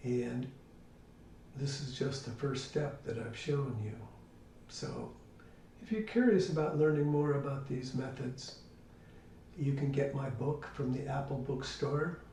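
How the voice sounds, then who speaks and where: A man's voice: mid-range voice, a little slow, long pauses. An older man giving a spoken drum lesson, explaining step by step and counting rhythms aloud. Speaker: drum teacher. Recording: echoey room, distant mic, loud hiss.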